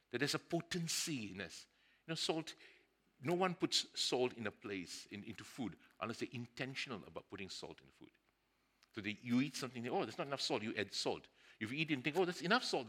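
Male preacher, mid-pitched, earnest sermon delivery with a sharp, bright edge. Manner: earnest, rising to emphatic bursts.

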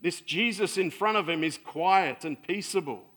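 A man preaching a sermon in an earnest way, swelling louder and then sinking soft and low. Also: moderate pace.

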